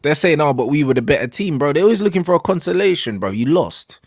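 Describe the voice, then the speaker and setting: A young man co-hosting football banter, quick and emphatic, repeating his points. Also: on the high side, expressive, creaky, no room sound, clean studio sound. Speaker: co-host.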